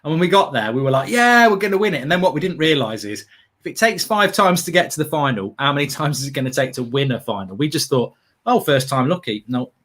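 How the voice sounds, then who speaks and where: A man's voice: medium pitch, animated, quick pace, a bit bright. A man hosting a live football watchalong, ranting animatedly and swearing freely. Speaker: host.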